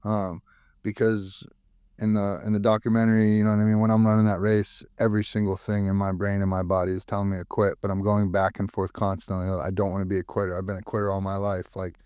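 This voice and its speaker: Laid-back low-voiced male podcast host. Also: monotone, fast, a little mellow, clear, resonant tone, dry recording. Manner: laid-back, calls guest dude, many fillers. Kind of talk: conversational interview.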